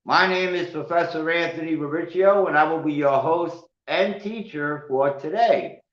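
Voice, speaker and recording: An American man with a voice on the high side, speaking a little slowly, hosts a televised finance lesson as both host and teacher. He speaks emphatically, addressing his audience directly, in a roomy, dull lo-fi recording.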